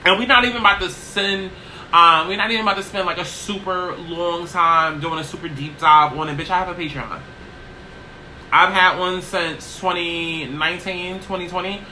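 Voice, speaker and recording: A woman chatting casually in a get-ready-with-me vlog, brash and profane, tossing in "okay?" constantly while seated low in a small chair. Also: fairly even intonation, normal speed, bright, forceful tone, a little hiss or hum, low-quality recording. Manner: brash, profane, sassy, keeps asking "okay?". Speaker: YouTuber.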